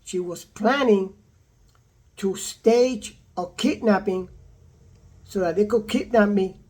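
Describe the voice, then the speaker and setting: An older man casually telling a personal story in a repetitive, animated way, quoting the people in it. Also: high-pitched, slow. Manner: repetitive, animated retelling with acted quotes. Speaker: vlogger telling his own story.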